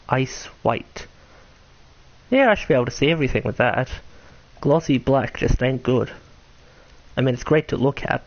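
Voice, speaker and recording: A man's voice: mid-range voice, gravelly, highs cut off. Tired-voiced man streaming a game. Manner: rambling, self-mocking, swears casually. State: tired voice that cracks. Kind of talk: casual gameplay commentary.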